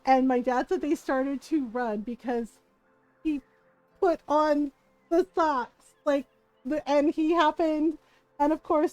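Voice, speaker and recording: A woman's voice: high-pitched, no room sound. A woman streamer chatting casually, telling a story with frequent laughter and acted-out quotes. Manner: animated, laughs often, acts out quoted voices. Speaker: game streamer.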